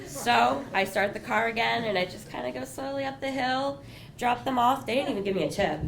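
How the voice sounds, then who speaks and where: A woman's voice: fairly high pitch, brisk, vocal fry, slight background noise. A young woman telling a personal story on stage at a small bar, chatty and self-mocking, full of asides. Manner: conversational, self-mocking, full of "you know" and "like". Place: small bar venue with live audience.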